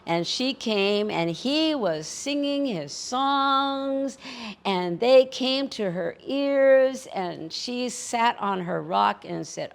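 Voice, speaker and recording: A woman storyteller telling a folk tale in a measured, rhythmic way, building with repetition. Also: fairly high pitch, lively intonation, vocal fry.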